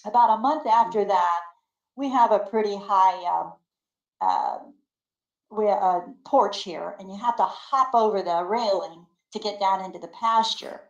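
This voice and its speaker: An older woman, a great-grandmother, telling lively stories in a casual interview, acting out the quotes and laughing often. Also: mid-range voice, a little slow, echoey room, highs cut off. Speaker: guest.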